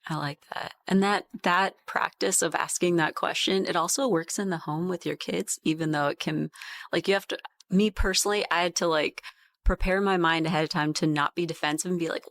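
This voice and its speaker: A woman's voice: fairly low pitch, steady tone, fairly quick, fairly bright tone, dry recording, clean studio sound. A woman and mother of five sons, a guest on a podcast, talking earnestly in casual chat.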